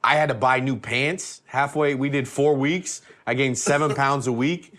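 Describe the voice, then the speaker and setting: A man of middling pitch speaks in an easygoing, wry way as a guest in a casual chat. His stories come out in a relaxed, offhand flow. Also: moderate pace. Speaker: guest comedian.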